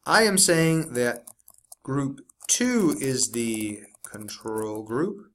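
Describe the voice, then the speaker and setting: A man teaching science, walking through a worksheet step by step and slowing down to stress key words. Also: mid-range voice, lively intonation, a bit bright. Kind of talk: recorded classroom lesson walkthrough.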